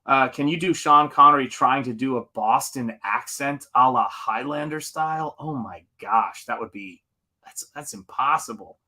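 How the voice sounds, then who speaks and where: A comic painter hosts a casual livestream while he paints, chatting enthusiastically and rambling as he answers viewers. His voice is mid-range, pushed and bright, at a moderate pace.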